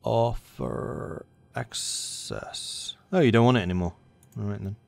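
A man's voice: on the low side, rapid-fire, creaky, a little mellow, dry recording. A man commentating a strategy game, thinking aloud and talking to the game's factions as he plays. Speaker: gaming channel host.

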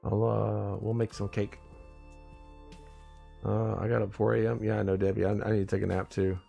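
A man's voice: on the low side, flat delivery, moderate pace, vocal fry, mellow, faint music behind. A man hosting a casual morning live stream, tired and groggy after little sleep, rambling along and greeting his viewers by name.

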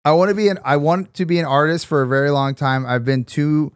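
A man's voice: steady tone, clean tone, no room sound, clean studio sound. Man in a flustered podcast argument. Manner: defensive and apologetic, climbing high and loud when upset; reads a statement aloud haltingly. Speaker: podcast co-host. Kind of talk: casual podcast chat.

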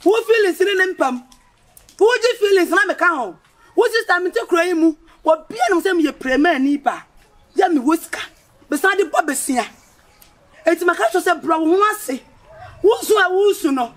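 A woman acting as a reproachful sister in a film drama, lecturing hard in a very high, piercing voice. She scolds with long, rising complaints. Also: expressive, a little fast. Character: scolding, tearful woman berating her sister. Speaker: actress.

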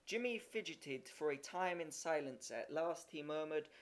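A man's voice: on the high side, lively intonation, measured pace. A man reading a story aloud, with occasional slips and restarts. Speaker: reader. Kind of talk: amateur audiobook reading.

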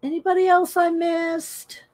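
A woman's voice: extremely high pitch, flat delivery, measured pace, darkish tone. A middle-aged woman hosting a casual live art stream, chatting and greeting viewers by name. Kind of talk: casual live-stream chat while coloring.

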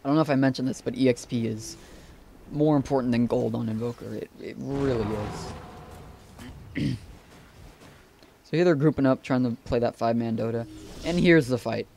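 Male gamer, gravelly, offhand and profane, recorded with light background noise. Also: medium pitch, moderate pace, pauses often, darkish tone. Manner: profane, offhand, talks over replay. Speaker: gameplay commentator. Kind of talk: casual game commentary.

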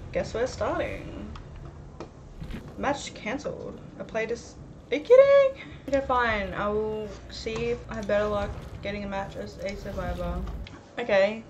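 A young woman streamer giving casual gameplay commentary, jittery and nervous, swearing and laughing as she plays. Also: mid-range voice. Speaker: gaming streamer. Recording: noisy background ambience.

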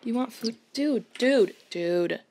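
Woman let's-play host, high-ish voice, casual playful commentary, faint music behind. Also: lively intonation, measured pace, darkish tone. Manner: playful, chatty, mock-outraged exclamations. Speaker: gaming channel host.

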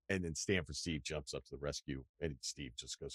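A man's voice: extremely low pitch, big pitch swings, a little slow, no echo, studio quality. A middle-aged man hosting a podcast, telling a rambling, profane, self-deprecating story in casual chat. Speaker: podcast host.

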